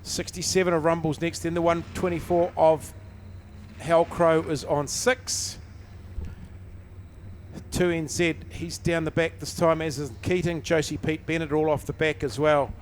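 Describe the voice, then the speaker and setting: Brief: chatty New man calling the race, highish voice, over loud engine roar. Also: level tone, a little slow. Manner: chatty, folksy, calls the action. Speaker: race commentator. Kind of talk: live motorsport commentary. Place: outdoor speedway. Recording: loud engine noise outdoors.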